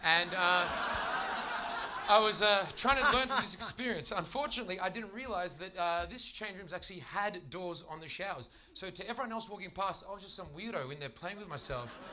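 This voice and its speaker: A young Australian man with an Australian accent doing a stand-up comedy set on a club stage, telling stories in a quick, chatty way with bursts of laughter. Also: sits high, lively intonation, background noise.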